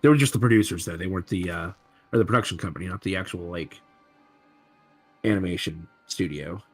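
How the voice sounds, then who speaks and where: A man's voice: low voice, fast talker, husky, soft background music. A man co-playing a game, chatting and musing about trivia. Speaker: co-player. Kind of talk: casual gaming chat.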